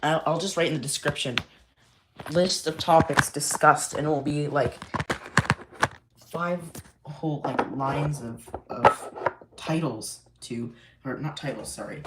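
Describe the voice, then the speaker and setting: A man's voice: a little high, unhurried, long pauses. A man chatting casually on a live stream from home, rambling with many fillers and restarts. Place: home room. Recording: echoey room, faint noise.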